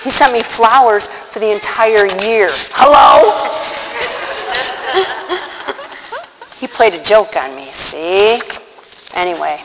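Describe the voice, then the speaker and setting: A woman telling a personal story to an audience, animated, acting out the quotes and laughing often. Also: medium pitch, unhurried, pauses often. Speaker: religious speaker. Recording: long hall reverb, faint noise.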